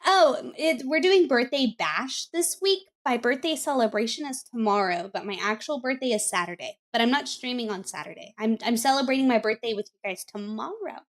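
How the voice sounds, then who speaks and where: High-voiced blunt woman streamer. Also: a little fast, few pauses. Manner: blunt and profane, repeats herself. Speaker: streamer reacting to clips. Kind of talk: casual live-stream chat.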